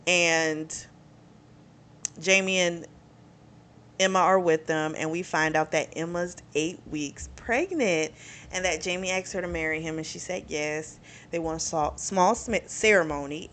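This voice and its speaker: A woman's voice: lowish voice, a bit bright. A woman casually retelling a novel's plot for her book channel, chatty and quoting the characters as she goes. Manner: chatty, retells plot with quoted dialogue and laughs. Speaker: book reviewer.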